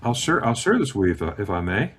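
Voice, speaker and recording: A man in his fifties tells a casual travel story on a video call, speaking fast and animatedly, acting out the dialogue with lively pitch swings. There's a little hiss or hum on the line.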